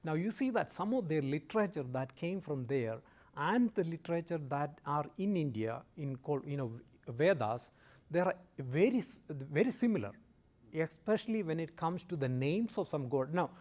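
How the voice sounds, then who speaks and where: A man's voice: on the high side, lively intonation, normal speed, darkish tone. A man lecturing a student group in a conversational way, often checking in with "okay?" and joking lightly with the audience. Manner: checks in with listeners, frequent "okay?". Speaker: guest lecturer.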